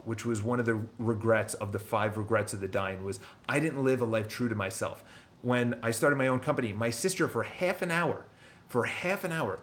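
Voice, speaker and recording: A man in his thirties hosting a real estate channel, talking in a rambling, motivational monologue full of restarts and repeated words. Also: mid-range voice.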